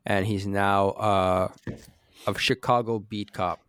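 A man's voice: lowish voice, level tone, takes it slowly, fairly bright tone, smooth, no room sound, clean studio sound. A man co-hosting a podcast, rambling through ideas in casual chat and getting exasperated with the others. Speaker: podcast co-host.

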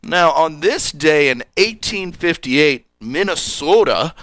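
A man from Southern California co-hosting a radio show, chatting lively and reading history facts. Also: a little high, slow pace, dry recording. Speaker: radio co-host.

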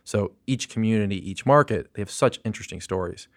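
A man guest on a podcast, giving measured, thoughtful answers about his business. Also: fairly low pitch, dry recording, studio quality. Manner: measured, thoughtful, with "you know" fillers. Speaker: interview guest, hotel company founder. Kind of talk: conversational interview answers.

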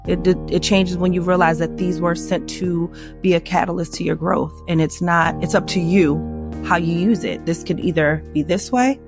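A woman guest on a podcast, telling her story in candid conversation and acting out quoted lines in a higher voice. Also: moderate pace, music in the background. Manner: animated, acts out quoted dialogue in a higher voice.

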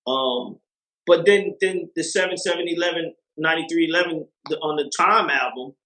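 A man's voice: fairly high pitch, normal speed, pushed and bright, roomy sound, low-quality recording. A man talking as a music producer guest in a casual interview, rambling with lots of fillers and restarts.

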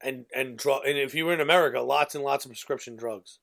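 A man's voice: mid-range voice, fast talker, creaky, fairly bright tone. A man from New York co-hosting a casual podcast chat, laughing easily and agreeing often. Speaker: podcast co-host.

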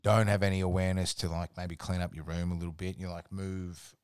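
An Australian man with a fairly low voice tells rambling work stories as a podcast guest. His talk is relaxed and full of swearing. The sound is dry and close, with no room to it. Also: a little fast, clean tone, no room sound. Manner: laid-back, sweary, rambling anecdotes. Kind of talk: casual storytelling chat.

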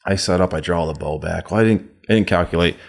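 A man, a podcast guest, telling a hunting story in a halting, restarting way. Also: deep voice, gravelly. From United States. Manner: halting, restarts, drops quiet then bursts loud in quoted yelling. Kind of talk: casual storytelling chat.

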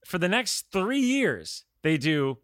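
A man's voice: high-pitched, big pitch swings, slow, noisy background. A man co-hosting a podcast in casual chat, rambling through a story with laughs and casual swearing. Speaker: podcast co-host.

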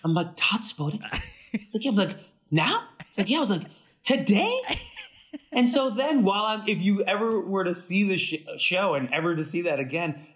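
A man being interviewed about his acting work, telling stories in a lively, chatty way and acting out quoted dialogue. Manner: animated, acts out quoted dialogue with big pitch jumps; frequent fillers and restarts, fast bursts. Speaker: actor, interview guest. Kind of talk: casual interview storytelling.

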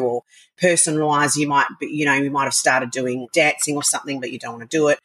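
Aussie lady guest, kinda husky voice, dry sound, just chatting along easy. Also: sits low, no echo, rough recording. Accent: Australian. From Australia. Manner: flowing, reflective, gentle fillers. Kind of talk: casual podcast chat.

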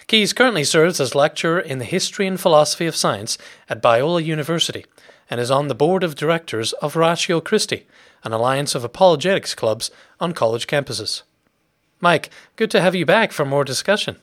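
Male podcast host, somewhat high voice, scripted questions. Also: animated, brisk, a bit bright. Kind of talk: scripted interview introduction and questions.

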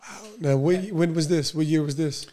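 A man's voice: a little high, steady tone, normal speed, dark tone. A man hosting a podcast interview, asking questions in a loose, conversational way full of fillers and restarts. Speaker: podcast host. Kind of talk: casual interview.

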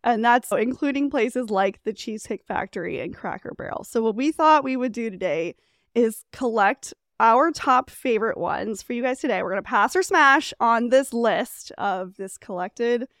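A young woman co-hosting a casual chat, bubbly and enthusiastic, quick to laugh. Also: on the high side, expressive, a bit bright, no room sound, studio quality. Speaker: podcast co-host.

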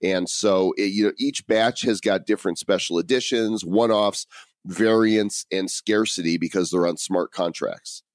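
A man's voice: low-pitched, normal speed, no echo. Dry-sounding male podcast co-host. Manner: jokey, reads listener reviews aloud. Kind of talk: casual podcast banter.

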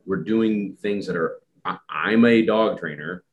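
A man's voice: low-pitched, unhurried, lo-fi sound. A man hosting a casual podcast, a dog trainer who chats in a rambling, joking way. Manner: chatty, rambling, self-deprecating joker.

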